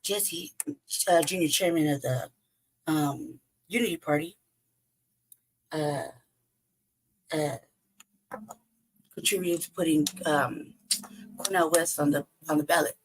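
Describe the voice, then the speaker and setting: A woman hosting a livestream in a casual, rambling way, hoarse from losing her voice and often pausing to search for words. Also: low-pitched, slight background noise, low-quality recording. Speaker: host. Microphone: home streaming setup.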